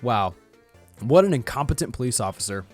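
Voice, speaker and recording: Lively, joking man doing game commentary. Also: medium pitch, fairly quick, faint music behind. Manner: excitable and joking, laughs often. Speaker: gaming channel host. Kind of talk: casual gameplay commentary.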